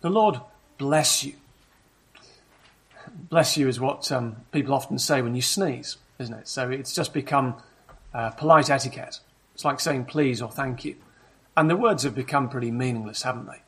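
A man preaching in a church, with a slightly husky, breathy voice at a medium pitch. He explains things patiently and steadily, stopping now and then to put rhetorical questions to his listeners. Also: normal speed, fairly bright tone. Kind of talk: sermon.

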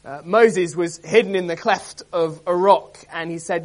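A man preaching an expository sermon, earnest and emphatic, reading scripture aloud with dramatic stress and often pausing with um and uh. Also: high voice. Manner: earnest, emphatic, many ums and uhs.

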